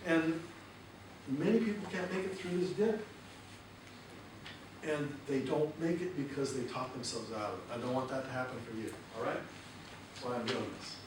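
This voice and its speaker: A man speaking as a motivational seminar speaker in a lively way and asking the audience questions. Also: medium pitch, normal speed, pauses often. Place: large hall with audience. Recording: echoey hall, distant mic, noisy.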